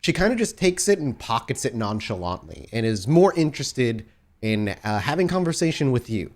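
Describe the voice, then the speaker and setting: A man's voice: mid-range voice, sing-song, moderate pace, a little mellow. Man narrating a tabletop game. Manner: descriptive, second-person scene narration. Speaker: game master.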